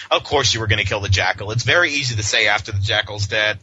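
A man tearing into a comic issue on a podcast with sarcastic, exasperated rants. His voice is very bright and sharp. The audio is muffled and lo-fi, with a faint hiss underneath. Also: lowish voice, fast talker. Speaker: comic book podcast host. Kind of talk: casual comic review.

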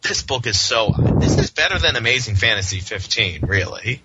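A man's voice: fairly low pitch, lively intonation, moderate pace, very noisy. A man hosting a comic book podcast, reviewing an issue in a sarcastic, exasperated, ranting way. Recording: muffled lo-fi audio.

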